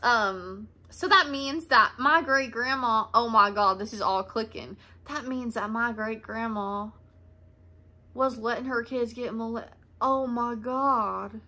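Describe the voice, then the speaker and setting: A vlogger in her twenties tells a rambling family story to camera in a casual storytime monologue, recorded on a camera mic. Her voice is on the high side, slow, pushed and bright, and she's chatty and laughs often.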